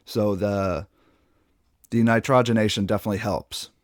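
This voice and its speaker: A man hosting a casual beer tasting review, chatting in a playful way and pausing between tasting notes. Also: on the low side, steady tone, no echo, studio quality. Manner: playful, chatty, trailing pauses while tasting.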